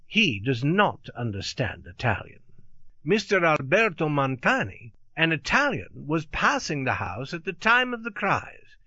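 A man reading a story aloud in a measured, expressive storytelling manner. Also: on the high side, dry recording. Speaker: narrator. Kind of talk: scripted audiobook narration. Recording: dull, lo-fi dry recording.

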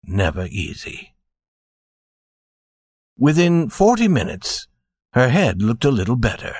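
A man narrating a story slowly and gently, addressing listeners as dear friends. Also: medium pitch, sing-song, breathy edge, dry recording, clean studio sound.

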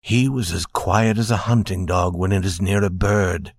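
A man narrating a story slowly and gently, addressing listeners as dear friends. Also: deep voice, dry recording, studio quality.

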